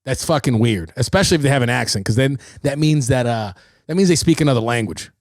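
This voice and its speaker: A young man hosting his own livestream, rambling through opinions and stories with plenty of swearing. His mid-pitched voice carries a gravelly edge. The sound is dry and close, with no room around it. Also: fast talker, no echo. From New York City. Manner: animated storyteller, swearing freely. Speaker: podcast host. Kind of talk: casual livestream monologue.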